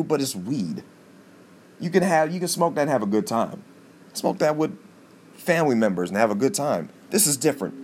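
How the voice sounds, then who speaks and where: A man hosting a podcast, telling a comic story in a profane, animated monologue with sudden jumps in pitch for emphasis. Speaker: podcast host.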